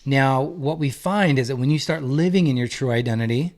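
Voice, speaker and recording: The speaker, a thirty-something marriage coach who co-hosts a podcast, presents an earnest faith-centered talk with emphasis, echoing important phrases for weight. He has a medium-pitched, somewhat dark voice and a brisk pace.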